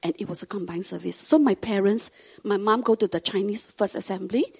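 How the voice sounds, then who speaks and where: A woman's voice: mid-range voice, brisk, gravelly, breathy edge. A woman telling a testimony story in a sermon, acting out the voices of family members. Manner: animated, acts out quoted voices.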